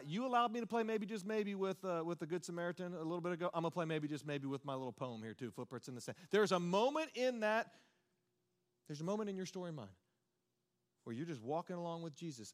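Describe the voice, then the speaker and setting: A man preaching a sermon with passion, telling a story and building up to shouts. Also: fairly high pitch.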